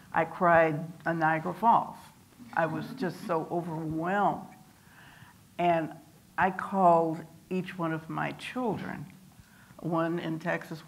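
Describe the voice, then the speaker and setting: A woman's voice: deep voice, a little hiss or hum. An older woman telling family stories to a live audience, acting out the voices of the people she quotes. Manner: animated storyteller acting out quoted dialogue. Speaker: family member speaking at a campus event. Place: multipurpose room.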